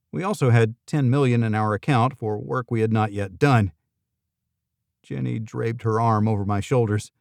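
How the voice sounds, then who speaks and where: A man's voice: mid-range voice, gravelly, a little mellow, no room sound. A man narrating a first-person thriller audiobook in a dry, wry manner.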